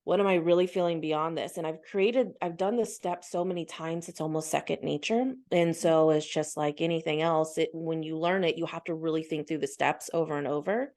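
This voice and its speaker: Earnest woman guest, lowish voice. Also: normal speed, hardly any pauses, darkish tone. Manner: earnest, explanatory, acts out her inner dialogue. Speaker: podcast guest, spiritual healer. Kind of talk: conversational interview.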